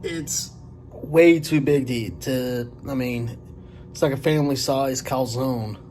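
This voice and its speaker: A man in his forties telling a story to camera in a rambling, halting way, full of fillers and restarts. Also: mid-range voice, darkish tone, slight background noise. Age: 40s. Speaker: vlogger.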